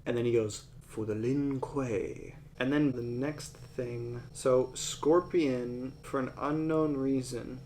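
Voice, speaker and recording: A man reviews a film in a relaxed, off-the-cuff way, talking at a mid pitch. He strings his recap together with "like" and "and then," and he swears freely when something irritates him. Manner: conversational, says "like" a lot, swears when annoyed. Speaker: movie reviewer. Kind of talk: casual recap and commentary.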